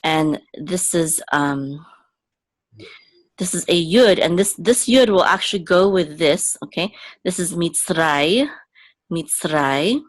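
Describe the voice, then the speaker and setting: A woman teaching a language lesson. She sounds words out slowly and repeats them, checking in with "okay?" as she goes. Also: fairly low pitch. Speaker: Hebrew teacher and podcast host. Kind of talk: slow, patient language lesson.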